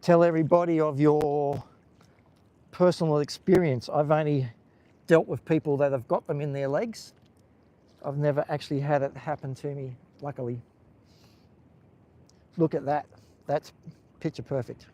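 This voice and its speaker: A man's voice: a little high, fairly even intonation, moderate pace, long pauses, dark tone. Chatty Australian man on a beach walk. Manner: chatty, rambling, chatting with viewers. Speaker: live-stream host. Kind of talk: casual live-stream walking commentary. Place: outdoors on a coastal beach.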